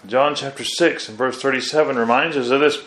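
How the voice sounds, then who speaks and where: Male preacher, mid-pitched, reverberant room, rhetorical and exclaiming. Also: fairly even intonation, brisk, fairly bright tone. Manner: asks the listeners rhetorical questions; exclaims "wow" between points. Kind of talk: Bible sermon.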